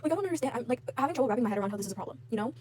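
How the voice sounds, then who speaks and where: Fast-talking fired-up woman vlogger. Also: on the high side, animated, a little mellow, slight background noise. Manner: heated, frustrated, lots of fillers and swearing. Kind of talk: casual rant to camera.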